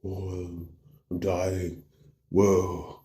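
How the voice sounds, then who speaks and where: A man's voice: deep voice, monotone, very slow, mellow, voice pushed down. A man voicing a hurt young male hunter who talks in slang and groans weakly. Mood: woozy. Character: hurt young male bro, dazed and weak. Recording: roomy echo.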